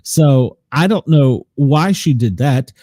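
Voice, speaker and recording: Animated gossipy man recapping reality TV. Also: mid-range voice, takes it slowly, dry recording. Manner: gossipy, animated, retells scenes with quotes. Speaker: podcast co-host. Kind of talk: casual reality-show recap chat.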